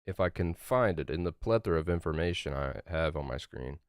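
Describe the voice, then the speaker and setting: A man's voice: rumbling low, animated, a little fast, no room sound, clean studio sound. A young man live-streaming a game, chatting loosely with his chat, rambling and swearing casually. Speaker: gaming streamer.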